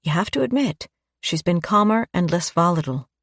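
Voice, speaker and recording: A woman voicing a stern, anxious mother with a sharp, scolding manner in an audiobook. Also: lowish voice, animated, a little fast, dry recording, studio quality. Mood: worried.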